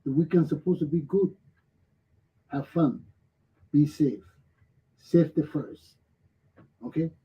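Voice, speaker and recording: A man hosts a morning talk show and talks straight to his audience in an earnest, plain-spoken way. His voice sits slightly high for a man. The recording is muffled and lo-fi. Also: slow pace, pauses often. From Liberia. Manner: earnest, plain-spoken, addresses listeners directly. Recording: dull lo-fi recording.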